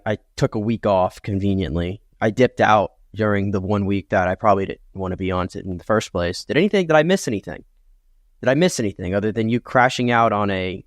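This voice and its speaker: A man co-hosting a sports podcast, joking his way through stories and tripping over repeated words. His voice is on the low side. It sounds dry and close to the mic. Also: no room sound. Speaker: podcast co-host. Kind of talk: casual sports podcast chat.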